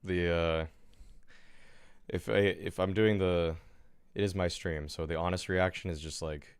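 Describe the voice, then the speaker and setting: A man streaming, talking casually and haltingly, often restarting his sentences. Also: sits low, fairly even intonation, clean tone, no room sound, clean studio sound.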